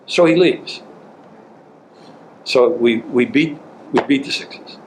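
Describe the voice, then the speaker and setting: An older man, a former coach, telling an animated story as an interview guest. He chuckles between lines and jumps his pitch when quoting people. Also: slow pace, pauses often, slight background noise, low-quality recording. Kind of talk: storytelling anecdote.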